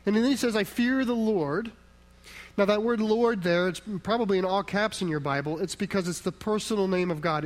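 A man's voice: sits high, rough recording. A man preaching a sermon in an emphatic, conversational way, firing rhetorical questions at the congregation and answering them himself. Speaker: pastor.

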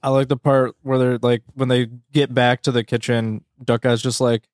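A man's voice: medium pitch, little pitch movement, normal speed, dry recording, studio quality. A man co-hosting a casual podcast, chiming in briefly and moving the talk along. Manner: short interjections and laughs, steers to the next topic. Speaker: podcast co-host.

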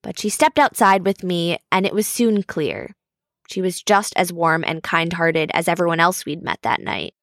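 A woman narrates a travel podcast in a scripted but conversational way. Her voice sits a little low and is recorded dry and close. Her storytelling sounds friendly. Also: moderate pace, a bit bright, dry recording.

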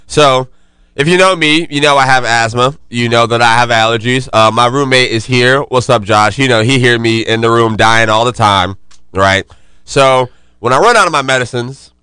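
A man hosting a casual podcast, telling a profane, animated story and joking with friends. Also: medium pitch, normal speed, smooth, no room sound. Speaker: podcast host.

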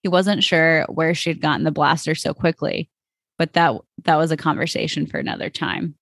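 Gravelly woman reading fan fiction aloud. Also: deep voice, steady tone, normal speed, a bit bright, no room sound. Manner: plain storytelling read with stumbles. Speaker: podcast host.

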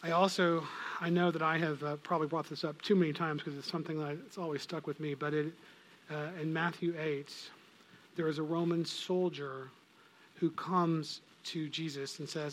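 A man's voice: on the high side, level tone, normal speed, a bit bright. A man giving a conversational Bible teaching, earnest and plain, quoting scripture and acting out the people in it. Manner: earnest, conversational, quotes scripture with acted voices.

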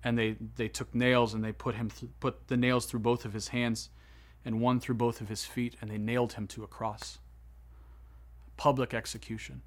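A man preaching a sermon, retelling a story with swings between hushed, solemn passages and excited, rising ones. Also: mid-range voice, moderate pace. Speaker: pastor.

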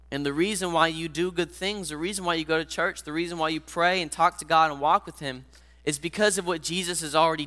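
A man's voice: a little high, sharp tone. A man preaching a sermon earnestly, speaking directly to his listeners as guys.

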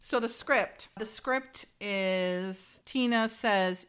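A woman talks through a TV script in a casual podcast chat. She reads each quoted line and then adds her own quick jokes. Her pitch sits in the middle for a woman. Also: smooth. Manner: animated, reads quotes then jokes and laughs between them. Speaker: podcast host.

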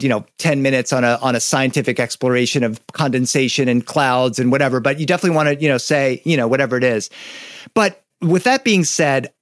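A man, a professional storyteller, speaking in an animated, demonstrative way as an interview guest. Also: mid-range voice, no room sound, studio quality. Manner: animated, demonstrative, breaks into character voices. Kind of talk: conversational interview.

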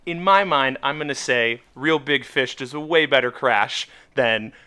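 A man's voice: medium pitch, a little slow, pushed and bright, smooth. A man hosting a casual music podcast, chatting animatedly and laughing often. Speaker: podcast host. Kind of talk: casual chat.

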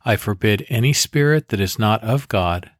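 A man hosting a devotional podcast, giving measured, deliberate instructions for prayer and guided meditation. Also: fairly low pitch, lively intonation, dry recording, studio quality.

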